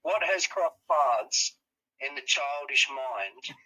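Australian-raised male guest, bright husky voice, blunt and incredulous, tinny phone-line sound. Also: medium pitch, expressive, slow pace. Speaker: podcast guest. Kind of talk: casual podcast chat.

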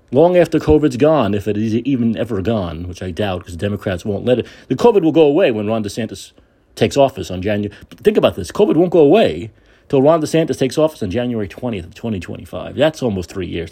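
A man's voice: fairly low pitch, expressive, fast, dark tone, husky. A man hosting a podcast, giving an angry, sarcastic and profane political rant. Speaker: podcast host.

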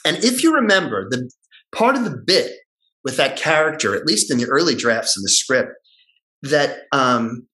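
A middle-aged man in casual conversation, telling a story in an animated way and acting out the voices of the people in it. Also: mid-range voice, normal speed, low-quality recording. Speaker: guest actor telling a story.

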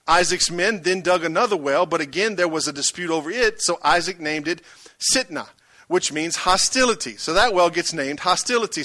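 A male preacher with a voice on the high side gives a dramatic sermon on a dry recording. He shifts from booming bursts to near-whispers and keeps asking the crowd rhetorical questions.

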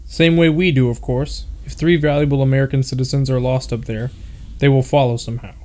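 A man's voice: mid-range voice, steady tone, brisk, a little mellow, close to an everyday voice. A man voicing a boastful, scoffing wealthy young explorer in a read-aloud story. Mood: cocky.

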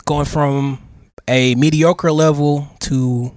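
Animated storytelling man, dry mic. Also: fairly high pitch, slow pace, no room sound. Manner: animated storytelling, slangy, gets emotional. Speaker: podcast co-host. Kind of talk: casual chat.

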